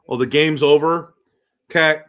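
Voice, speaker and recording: A man's voice: fairly high pitch, steady tone, moderate pace, a bit bright, smooth. Rambling man hosting a live stream. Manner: rambling, repeats himself, reads chat aloud. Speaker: livestream host. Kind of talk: casual live-stream chat and game reaction.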